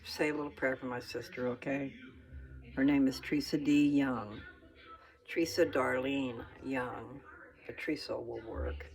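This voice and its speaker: A woman's voice: a bass voice, low-quality recording. A woman vlogger in her kitchen, talking casually and folksily to her viewers and often checking in with "okay?".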